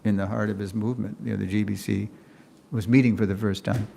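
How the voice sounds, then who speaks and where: An older man lecturing to a class, telling a story in an animated way, acting out quotes and laughing often. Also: fairly low pitch, fast talker, vocal fry, a little hiss or hum.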